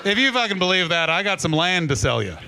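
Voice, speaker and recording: On a live comedy club mic, a man with a high, very animated, creaky voice races through a stand-up set. He swears freely, pokes fun at himself and riffs with the crowd, amid loud audience laughter and noise.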